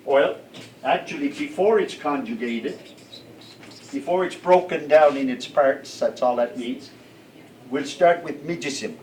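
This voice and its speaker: In a classroom language lesson, an older male teacher speaks at a measured pace, his pitch on the high side and tone darkish. He patiently checks in with students, and the distant mic catches faint room noise.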